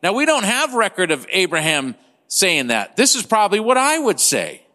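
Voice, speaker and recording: A man's voice: high voice, wildly swooping pitch, normal speed. Impassioned male pastor preaching in a reverberant hall. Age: 50s. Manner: impassioned, swings between loud and hushed. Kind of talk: sermon.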